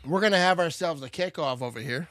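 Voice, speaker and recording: A man's voice: a little high, fast, dry recording, clean studio sound. A man hosting a live watch party, joking and calling plays, a bit tipsy. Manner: loud, joking play-by-play banter. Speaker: livestream host.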